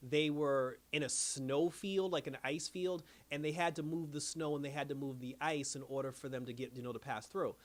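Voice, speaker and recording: A man giving a casual, rambling recap of a cartoon episode, full of fillers and acted-out quotes. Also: medium pitch. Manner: rambling, animated retelling with many fillers. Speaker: episode reviewer.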